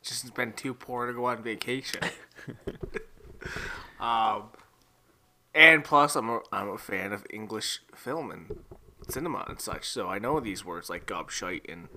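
A man with a very bright, sharp voice, co-hosting a podcast in loose chat. His pitch swings all over the place as he teases and cracks profane jokes, with a faint hiss under him. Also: lively intonation, measured pace, pauses often. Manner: joking, teasing and profane. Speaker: podcast co-host. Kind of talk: casual chat.

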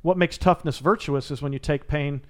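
With a fairly high, smooth voice at normal speed, a male guest answers interview questions. He's a former Navy SEAL turned mental coach, and his manner is earnest and emphatic, like a coach.

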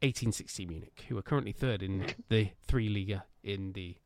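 A man co-hosting a casual football podcast, talking animatedly with loud bursts, swearing and laughing at his own jokes. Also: fairly low pitch, fairly quick, slight background noise. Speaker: podcast co-host.

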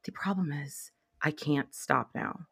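A young woman co-hosting a podcast in casual chat, talking fast and loose with lots of "like" fillers and quoted asides. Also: low voice, creaky, pushed and bright, husky. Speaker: podcast co-host.

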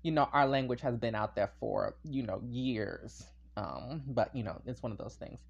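A man's voice: mid-range voice, normal speed, creaky, lo-fi sound. A man hosting a podcast on his own, talking casually and animatedly, wandering into tangents and laughing often. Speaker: podcast host. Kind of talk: casual solo podcast monologue.

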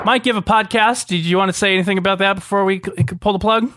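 A man's voice: sits high, fairly even intonation, rapid-fire, pushed and bright. A man hosting a comedy podcast, teasing his friends with dry sarcasm. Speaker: podcast host. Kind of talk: casual comedic banter.

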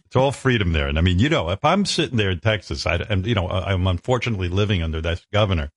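A man hosting a talk radio show, his voice low but swooping all over as he riffs. He piles on sarcastic, profane exaggerations in casual banter. The sound is dry and close, with no room around it. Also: fast talker, breathy edge, no room sound. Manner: animated, sarcastic, profane riffing.

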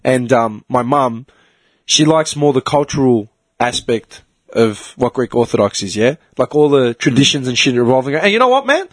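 A man's voice: mid-range voice, expressive, normal speed. A man, chatting animatedly as a podcast co-host, laughing and swearing freely. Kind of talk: casual chat.

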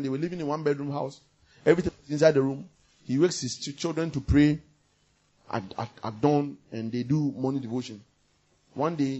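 A man preaching a sermon with passion, repeating phrases and swinging from loud bursts to quiet murmurs. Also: fairly high pitch, husky, dull audio. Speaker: pastor.

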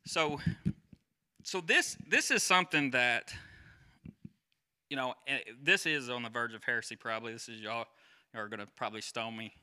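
A pastor in his forties giving a conversational sermon, chatty and quick to quiz the congregation and wander off on side stories. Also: mid-range voice, pushed and bright, clear, resonant tone. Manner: chatty, asks the crowd questions, goes off on tangents.

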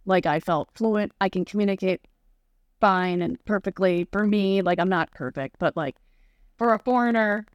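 A woman's voice: medium pitch, moderate pace, no room sound, lo-fi sound. Chatty chicago woman on a podcast, keeps saying like, dry close sound. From Chicago, USA. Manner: chatty, lots of "like" fillers, acts out quotes. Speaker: podcast guest. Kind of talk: casual chat.

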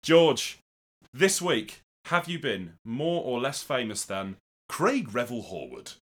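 A man's voice: mid-range voice, very animated, takes it slowly. A young man hosting a comedy podcast, playful, jokey and self-deprecating. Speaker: podcast host. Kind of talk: casual chat.

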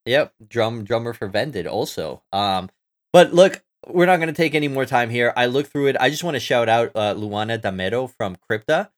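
A man's voice: mid-range voice, lively intonation, moderate pace. A young man co-hosting a casual podcast, talking with enthusiasm and rambling with fillers and restarts. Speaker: podcast co-host. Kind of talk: casual chat.

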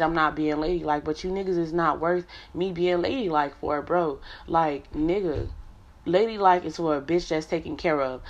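A woman's voice: low voice, lo-fi sound. A woman ranting bluntly and profanely at her viewers, confrontational and fed up. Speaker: app streamer.

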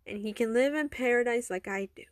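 A woman's voice: fairly high pitch, brisk, dry recording, clean studio sound, natural voice. A woman voicing an emotional, exasperated girl. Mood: worried. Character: emotional, easily upset girl.

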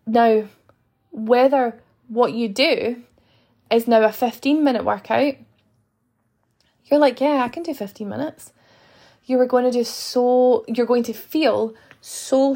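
A young woman coaching her listeners through a motivational podcast monologue, earnest and encouraging. Her voice sits a little high, with a gravelly fry running under her words. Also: darkish tone. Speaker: podcast host and fitness coach.

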